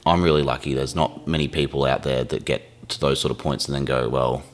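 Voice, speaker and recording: Very deep-voiced man, candid and emotional. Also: fairly even intonation, brisk. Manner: emotional, swears freely, acts out his inner voice. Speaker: podcast guest. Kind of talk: candid conversation.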